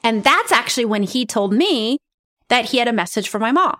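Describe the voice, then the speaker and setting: Middle-aged woman podcaster, chatty and animated, a bit high-pitched, casual storytelling. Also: a little fast. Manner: chatty, animated, says right and you guys. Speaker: podcast host and medium.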